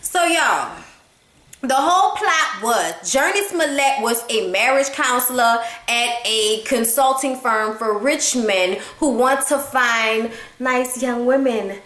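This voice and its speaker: A woman's voice: fairly high pitch, slow. A woman giving a casual, blunt and profane movie review at home, chatting with a partner. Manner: blunt, profane, animated storytelling. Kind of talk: casual chat. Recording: echoey room.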